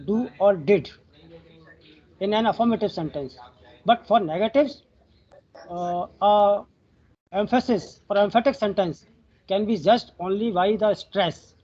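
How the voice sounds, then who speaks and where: A man with an Indian English accent, explaining a grammar point slowly with many pauses in a workshop discussion. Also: sits high, a little mellow. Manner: halting, explanatory, many fillers. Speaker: workshop participant. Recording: dull lo-fi call audio.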